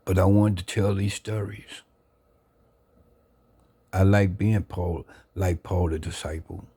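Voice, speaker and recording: Low, gravelly man telling his story. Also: fairly even intonation, dark tone. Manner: earnest, reflective, drawn-out. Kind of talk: personal testimony, casual talk. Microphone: phone camera.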